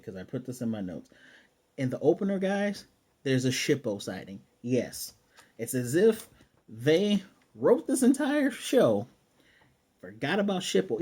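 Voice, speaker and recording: A man giving a casual, excitable episode review in slangy speech, swearing and acting out the scenes as he retells them. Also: fairly high pitch, husky. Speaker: anime reviewer.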